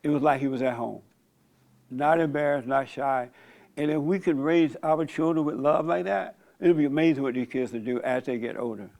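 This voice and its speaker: Gravelly older man preaching. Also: mid-range voice, moderate pace, a little mellow. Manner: folksy, joking, laughs often. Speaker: host leading a church discussion. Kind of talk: casual preaching talk.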